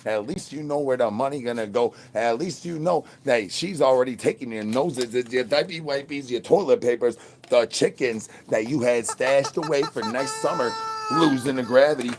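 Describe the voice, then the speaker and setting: A man rambles through a live phone stream in a mid-pitched voice, reeling off crude slang and sing-song rhyming catchphrases. He jumps from loud shouts down to low mutters without warning. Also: normal speed, slight background noise. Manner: swings between loud bursts and mutters. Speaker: livestream host.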